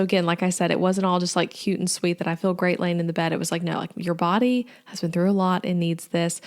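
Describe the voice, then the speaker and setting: Chatty young woman podcasting. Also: fairly low pitch. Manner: chatty, lots of "like" and "um". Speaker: podcast host. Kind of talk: casual solo podcast talk.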